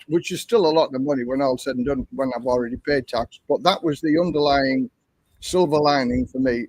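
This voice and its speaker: A man's voice: medium pitch, darkish tone, breathy edge, no echo, low-quality recording. An older man with an English accent, telling a long story in a chatty, repetitive way while hosting a livestream. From England. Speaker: livestream host.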